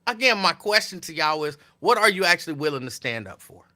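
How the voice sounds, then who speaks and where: A man hosting a casual live talk show from home, reacting with animated disbelief to viewers' comments. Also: on the high side, a little fast. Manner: animated, incredulous, talks back to viewers' comments. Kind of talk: casual live-stream chat.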